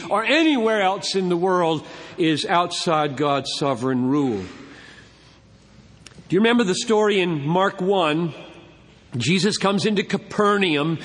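A man preaching a sermon with emphasis, slowing down to stress key words. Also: high-pitched, a bit bright. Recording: long hall reverb.

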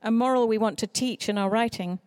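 A woman who writes children's books, giving an earnest, expressive talk on writing for children. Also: fairly high pitch, a little fast, no echo, studio quality. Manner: earnest, expressive speaker with mock voices for quoted people. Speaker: children's author. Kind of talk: conference talk.

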